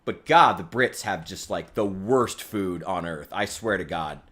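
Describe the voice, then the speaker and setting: A man's voice: low voice, measured pace, fairly bright tone. A man from the United States chatting casually while streaming a game, rambling and swearing with a wry edge. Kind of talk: casual gaming stream chat.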